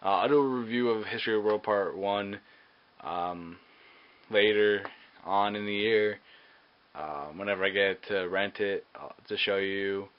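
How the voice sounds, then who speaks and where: A man's voice: fairly low pitch, fairly even intonation, measured pace. A man giving a casual movie review, hesitant and full of ums and uhs. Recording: dull lo-fi recording with faint hiss.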